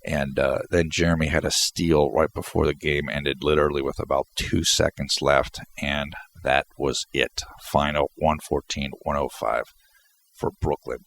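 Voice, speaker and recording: A man's voice: rumbling low, fairly even intonation, normal speed, vocal fry, fairly bright tone. A congested man rambling through a solo basketball post-game commentary, often restarting his sentences. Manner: rambling, repeats words and restarts.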